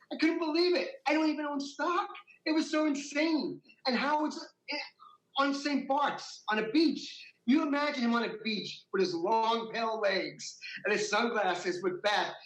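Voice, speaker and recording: Animated man telling a story in a roomy room. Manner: animated, rising in pitch when excited. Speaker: interview guest. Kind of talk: casual storytelling.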